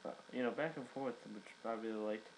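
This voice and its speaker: A man's voice: mid-range voice, fairly quick, a little hiss or hum, rough recording. A young man giving a casual recap, rambling with many fillers and restarts. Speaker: wrestling reviewer.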